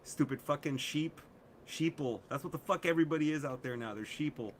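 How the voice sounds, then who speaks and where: A man's voice: fairly high pitch, fairly quick, a little hiss or hum. A middle-aged man co-hosting a casual podcast chat, swearing a lot and ranting with frequent laughs. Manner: profane, ranting, laughs often. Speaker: podcast co-host.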